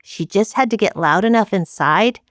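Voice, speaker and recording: A woman hosting a podcast, reading scripted introductions of her guests in a measured, reflective way. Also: medium pitch, lively intonation, no room sound, clean studio sound. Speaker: podcast host.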